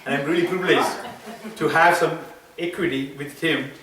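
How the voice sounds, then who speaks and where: A middle-aged man with a non-native English accent gives an earnest, self-deprecating campaign speech as a school board candidate at a meet-and-greet in a private home, halting often with fillers. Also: a little high, fairly even intonation, fairly bright tone. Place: living room of a private home. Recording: echoey room, mic from far off.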